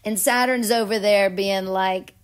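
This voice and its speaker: Giggly woman chatting through a tarot reading, slow and dramatic. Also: mid-range voice, fairly even intonation. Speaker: astrology and tarot vlogger. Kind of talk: casual tarot reading chat.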